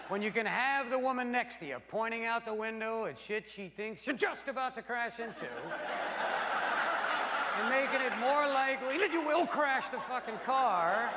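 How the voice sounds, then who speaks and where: A man doing an animated stand-up comedy routine on a theater stage, jumping into put-on voices. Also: very noisy. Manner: brash, animated storytelling with sudden put-on voices. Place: large theater stage before a live audience. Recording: live hall recording with booming crowd. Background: loud audience laughter.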